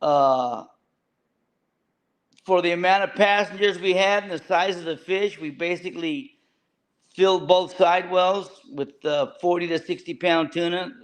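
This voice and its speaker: High-voiced halting fishing captain, a man. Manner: halting, repeats words, plain-spoken. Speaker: fishing boat captain, guest. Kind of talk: casual interview.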